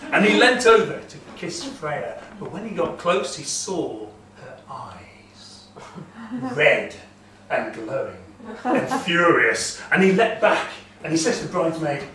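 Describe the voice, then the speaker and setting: A man telling a myth live in a castle great hall, dramatic, swelling loud and dropping to a hush. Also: on the high side, sing-song, measured pace. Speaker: storyteller. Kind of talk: live oral storytelling. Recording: echoey hall from far off.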